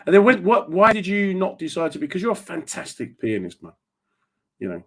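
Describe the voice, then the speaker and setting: A man's voice: high-pitched, very animated, fairly quick, a bit bright. A British man hosting a radio talk show, asking teasing, jokey questions in casual conversation. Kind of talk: casual interview.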